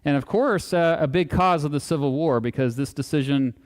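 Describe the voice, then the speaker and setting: A man talks to a live audience in a hall, and his voice rings out with a long reverb. His tone is smooth and resonant and sits a little high for a man. His delivery is casual and animated, full of jokes and asides. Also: fairly quick. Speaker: guest speaker. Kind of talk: live public lecture.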